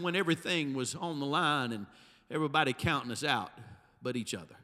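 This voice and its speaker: Male Pentecostal preacher, high bright voice, soft-to-shouting delivery, reverberant church hall. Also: a little fast. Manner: swings from soft intimate to shouting climaxes. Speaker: pastor. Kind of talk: Pentecostal sermon. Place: church sanctuary.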